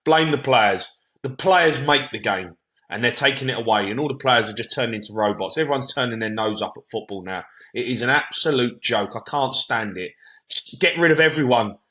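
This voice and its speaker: A man's voice: medium pitch, a little fast, pushed and bright. A man co-hosting a football podcast, heated and ranting, swearing and talking over his co-host with punchy repeated phrases.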